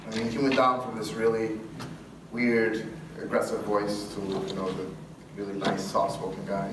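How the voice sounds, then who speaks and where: A man speaking to a live audience, telling a story with lively acted-out dialogue and frequent laughs. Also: fairly low pitch. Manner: animated, acts out dialogue, laughs often. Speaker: guest speaker. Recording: echoey hall from far off with room noise.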